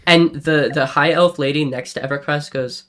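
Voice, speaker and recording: A man's voice: on the high side, fairly even intonation, normal speed, fairly bright tone. A man narrating as game master for a tabletop role-playing game, describing scenes casually with frequent fillers.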